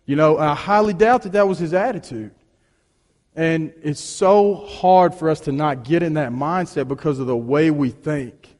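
A man preaching a sermon in a conversational, storytelling way, often restarting his sentences and swinging between hushed and emphatic delivery. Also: fairly high pitch, moderate pace, in a large hall. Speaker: pastor.

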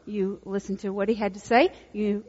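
A woman preaching a sermon, swinging from hushed, intimate lines to loud emphatic peaks. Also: mid-range voice, little pitch movement, moderate pace. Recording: dull lo-fi recording with long hall reverb.

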